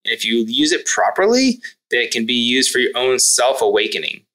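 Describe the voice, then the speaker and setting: Reflective male guest, crisp bright tone, thinks aloud with rhetorical questions. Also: medium pitch, sing-song, a little fast, rough recording. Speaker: parenting guest. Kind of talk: conversational podcast talk.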